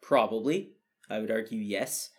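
A man's voice: fairly low pitch, moderate pace. A man co-hosting a podcast, explaining his views at length in casual chat, thoughtful with frequent restarts. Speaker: podcast co-host.

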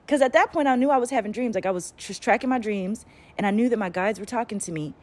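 A woman's voice: sits high, rapid-fire, dry recording. A woman talking casually as a spiritual channeler, rambling and swearing as she tells a story with lots of energy. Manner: profane, rambling, animated storytelling.

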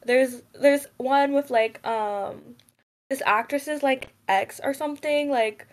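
A woman's voice: high-pitched, slow. A young woman co-hosting a podcast in casual chat, rambling with many fillers and giggles. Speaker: podcast co-host.

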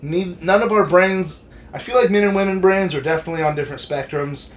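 A man's voice: high-pitched, brisk, slight background noise. A man in his thirties in casual, profane conversation, telling stories about family with lots of swearing. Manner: animated, swears freely. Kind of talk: casual chat.

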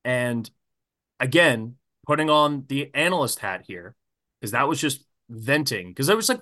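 A man rants on a sports podcast, swearing freely and heated. His voice jumps all over the place in pitch. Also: sing-song, measured pace, sharp tone. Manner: profane, fired-up ranting. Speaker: podcast co-host.

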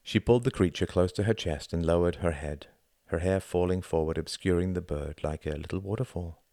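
A man reading an audiobook in a measured, deliberate scripted narration. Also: deep voice, mellow, dry recording, clean studio sound.

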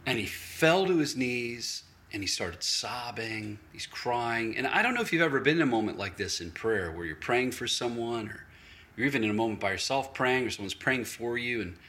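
A man preaching a sermon in a conversational way, telling a story and acting out the dialogue, laughing often and sometimes dropping to a soft, quiet voice. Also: mid-range voice. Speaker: pastor, national director of a church movement.

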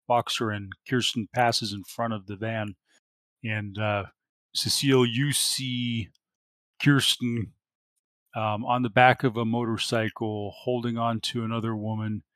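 A man's voice: medium pitch, fairly bright tone, no echo. A man narrating as game master, laid-back with lots of ums and uhs.

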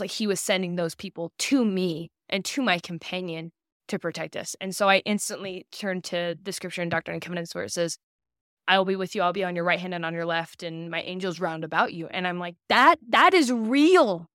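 A woman's voice: on the low side, little pitch movement, a little fast, a bit bright, no room sound, studio quality. A young woman in her twenties, a podcast guest, telling a personal story in earnest and acting out the people she quotes. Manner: earnest, acts out quoted dialogue.

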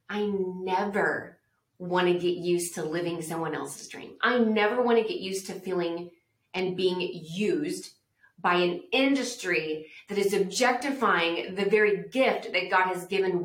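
Brief: lower-voiced woman guest, earnest testimony storytelling, echoey room. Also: moderate pace. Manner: earnest, reflective, acts out quoted voices. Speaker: podcast guest speaker. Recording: roomy echo.

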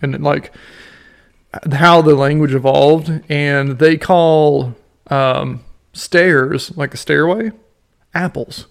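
A man co-hosts a podcast, trading crude jokes in loose, casual chat. His voice is slightly high and carries a gravelly fry. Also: fairly even intonation, takes it slowly. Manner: swearing, joking banter. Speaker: podcast co-host.

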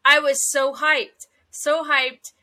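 A young woman co-hosting a casual podcast chat, animated and teasing, laughing often. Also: high-pitched, slow. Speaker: podcast co-host.

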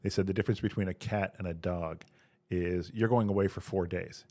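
A man with a low, gravelly voice co-hosts a comedy podcast. He spins long setup jokes at an easy pace and slips in quick puns, with fry scraping along the ends of his phrases. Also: fairly even intonation, darkish tone, no echo. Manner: joke-teller with punny quips. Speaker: podcast co-host. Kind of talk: casual comedic joke-telling.

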